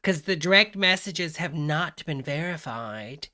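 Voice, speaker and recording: A woman hosts a reaction video, her voice bright and a touch low-pitched. She chats in a gossipy, exclaiming way, addressing her viewers directly. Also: expressive, a little slow. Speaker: host.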